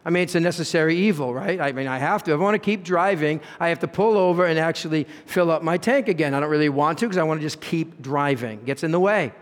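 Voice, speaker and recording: Rushing along with hardly a pause, a man with a fairly high voice preaches a sermon as pastor. He's earnest, fires off rhetorical questions and swings his emphasis, his words echoing through a reverberant church sanctuary.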